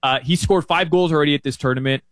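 A man talking casually as a soccer betting analyst, chatty and prone to jumping up in pitch when excited. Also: quick pace, dry recording. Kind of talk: casual sports betting chat.

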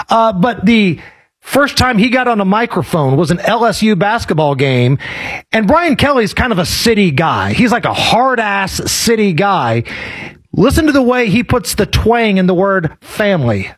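A man's voice: sits high, husky. A man hosting a talk podcast, chatting in a sardonic, joking way. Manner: sardonic, jokey. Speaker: podcast host. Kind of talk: casual political chat.

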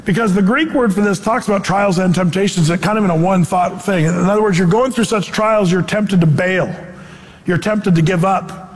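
A man preaching a sermon as pastor, animated and acting out the voices he quotes. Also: sits high, normal speed, long reverb tail.

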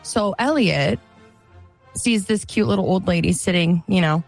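A woman's voice: lowish voice, a little slow, vocal fry, soft background music. A woman co-hosting a radio show, telling a funny story about her child in casual banter. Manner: animated, amused storyteller. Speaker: radio co-host.

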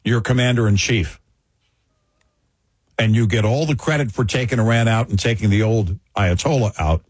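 A husky-voiced man co-hosts a political talk show and makes his points forcefully and with indignation. The recording is dry and close to the mic. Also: on the low side, moderate pace, no room sound.

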